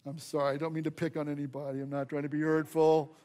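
A man's voice: a little high, fairly even intonation, fast, mellow. A man preaching a sermon as pastor, acting out the voices of the scripture scenes he reads. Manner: dramatic acting out of scripture dialogue.

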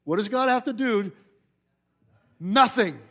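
A male pastor preaching a sermon in a church, telling the story in a lively way and putting questions to the congregation. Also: high voice, takes it slowly. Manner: animated storyteller, acts out quotes, asks the congregation questions.

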